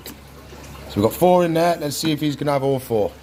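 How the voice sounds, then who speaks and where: A man, a reptile keeper chatting casually through animal checks and coaxing the animals in a soft voice. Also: fairly high pitch, animated, normal speed, long pauses, slight background noise. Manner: chatty, talks softly to the animals. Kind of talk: casual animal care vlog.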